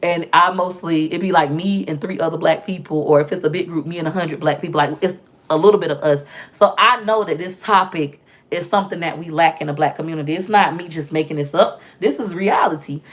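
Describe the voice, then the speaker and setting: Offene, lebhafte Frau erzählt locker in ihrem Vlog und spielt Zitate nach. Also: female voice, sits low, a little fast. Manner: candid and animated, acts out quoted voices. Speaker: vlogger and mother. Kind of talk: casual storytelling vlog.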